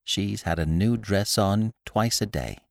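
A man voicing a kind young wife who speaks softly and sympathetically. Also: lowish voice, unhurried, vocal fry, no room sound, clean studio sound. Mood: fond. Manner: soft and sympathetic.

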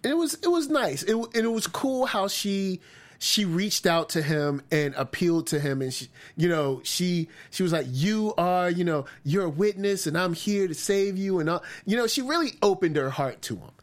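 Lively, halting podcast co-host. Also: medium pitch. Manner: halting, repeats words, frequent laughs and acted-out quotes. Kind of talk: casual TV recap chat.

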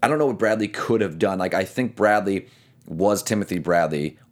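A man co-hosting a talk show, casually recapping a boxing match round by round and talking through his scorecard with quick restarts. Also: sits low, expressive. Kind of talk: casual fight recap chat.

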